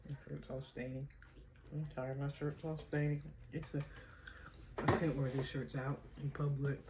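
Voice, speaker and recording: A woman's voice: deep voice, little pitch movement, normal speed, very noisy. A woman hosting a casual home video chat, playful and chatty, often laughing. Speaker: vlogger host. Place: at home indoors. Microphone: camera.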